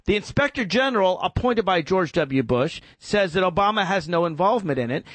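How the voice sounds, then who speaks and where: A man hosting talk radio, his voice sitting a little high for a man. He argues in an animated, pushy way, often acting out both sides of a debate. The sound is dry and close to the microphone. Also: fairly quick, hardly any pauses, no room sound. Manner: animated, argumentative, acts out imagined exchanges. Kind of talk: political talk radio discussion.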